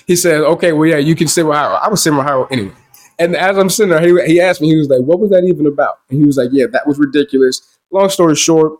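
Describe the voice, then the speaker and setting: A young man hosting a podcast, telling a personal story in a wry, animated way and quoting the back-and-forth. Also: on the high side. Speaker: podcast host. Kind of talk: solo storytelling monologue.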